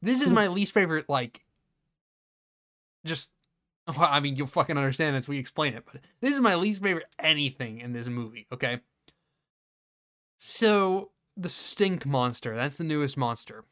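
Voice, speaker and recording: A man hosting a podcast, retelling a movie scene by scene in a casual, profane and animated way. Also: fairly high pitch, normal speed, long pauses. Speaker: podcast host. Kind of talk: casual movie review chat.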